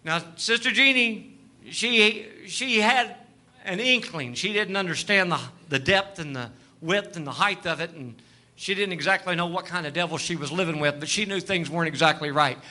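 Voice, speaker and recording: Midwest preacher guy, super bright tense voice, acts out all the dialogue, gets loud. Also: high voice, normal speed. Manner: storytelling, acts out dialogue, rises to shouting fervor. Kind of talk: sermon testimony.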